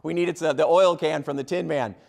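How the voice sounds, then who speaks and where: Middle-aged man, motivational speaker, humorous keynote stories, lively, acts out voices, slightly high pitch. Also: fairly quick, gravelly.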